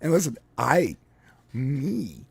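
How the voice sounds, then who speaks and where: A middle-aged man co-hosting a podcast, telling stories in animated casual chat with many restarts. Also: medium pitch, slow pace, gravelly, slightly rough, dry recording. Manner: animated storytelling, lots of restarts. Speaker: podcast co-host.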